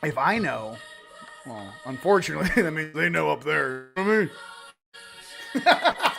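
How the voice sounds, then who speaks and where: A man's voice: fairly high pitch, very animated, moderate pace, vocal fry, long pauses, over music. A man hosting a casual livestream card reading, rambling and fired up, with frequent restarts and asides. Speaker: host of a spiritual card-reading stream.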